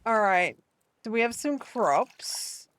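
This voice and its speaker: A woman's voice: fairly high pitch, expressive, slow pace, fairly bright tone. A young woman chatting casually with her viewers during a live gameplay stream, rambling and upbeat. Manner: chatty and rambling, talking to chat.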